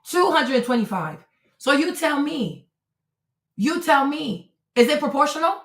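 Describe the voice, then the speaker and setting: A woman hosts a live stream in a blunt, profane, lecturing way, talking straight to a viewer in her chat. Her voice sits high, and the room around her rings with echo. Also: big pitch swings, a little slow. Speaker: livestream host.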